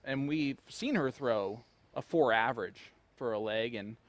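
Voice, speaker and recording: A man's voice: mid-range voice, a little slow. A man commentating live darts, chatty and joking as he reads out player stats.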